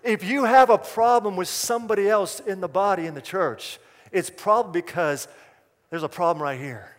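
High-voiced preacher in a reverberant hall. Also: male voice, normal speed. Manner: emphatic, repeats key lines, asks the congregation questions. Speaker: pastor. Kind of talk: sermon.

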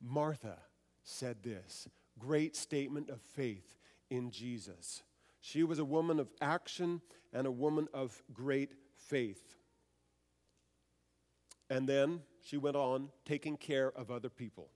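A man's voice: mid-range voice, slow pace, darkish tone, big-room sound. A man preaching a sermon, reading scripture aloud, then explaining it and putting rhetorical questions to his listeners.

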